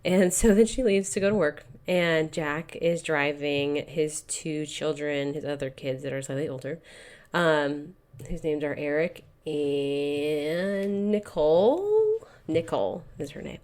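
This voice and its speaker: Low-voiced woman recapping a book. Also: takes it slowly, a little mellow. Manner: chatty, loose retelling full of "like" and "you know". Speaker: podcast co-host. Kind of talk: casual book-club chat retelling a plot.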